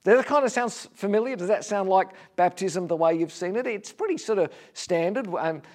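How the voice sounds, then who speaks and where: A man preaching a sermon in a conversational way, asking rhetorical questions with gentle humor. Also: sits high, lively intonation, fairly quick. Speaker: pastor.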